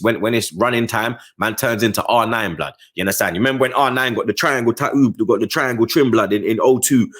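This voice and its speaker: Man, fan match review, slangy, passionate, low voice. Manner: slangy, keeps adding "blood, you get me"; passionate, rising pitch on key points. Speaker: football fan channel host.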